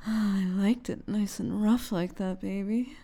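A young woman voicing a possessive, doting girlfriend in a whispered role-play, breathy, hushed and unhurried. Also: medium pitch, fairly even intonation. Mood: hushed, tender. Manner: breathy, hushed and intimate, slow and lingering.

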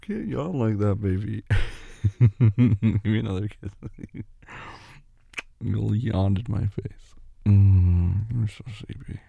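A young man playing a caring boyfriend who puts his sleepy partner to bed, gentle and reassuring with soft teasing, in a boyfriend role-play audio. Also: on the low side, lively intonation, slow pace, creaky, breathy edge, no room sound, phone-quality sound, full character voice. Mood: tender.

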